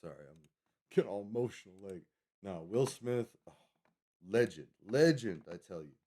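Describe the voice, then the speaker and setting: Male streamer, 30s, low mellow voice, chatty and digressive, self-correcting, desk mic. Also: expressive, moderate pace. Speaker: live streamer. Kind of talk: rambling casual stream chat.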